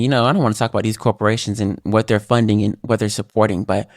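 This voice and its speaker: A man hosting his own podcast, giving an earnest, reflective solo motivational talk with lively pitch swings. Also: fast, no echo, studio quality. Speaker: podcast host.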